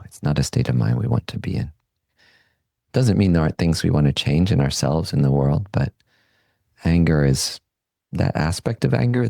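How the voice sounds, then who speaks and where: Low gravelly male voice, mellow and unhurried; a meditation teacher reflecting calmly. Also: no echo. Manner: calm, unhurried, gently reflective. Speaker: podcast host and meditation teacher. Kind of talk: reflective Buddhist teaching talk.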